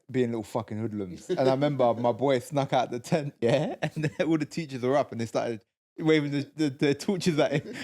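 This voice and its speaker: A young man co-hosting a casual comedy chat, telling animated stories full of swearing and laughter. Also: medium pitch. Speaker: co-host.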